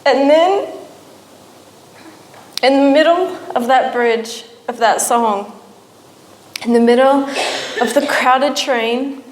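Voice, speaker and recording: Speaking slowly in a slightly high voice, a young woman tells her emotional personal testimony at church, occasionally rising into pleading. The recording was made in an echoey church hall.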